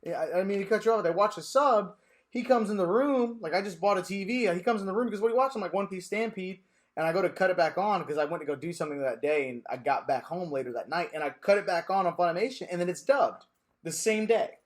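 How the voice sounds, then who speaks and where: Talking fast in a high voice, this young man co-hosts a relaxed podcast conversation. He tells stories with plenty of energy, animatedly acting out the quotes.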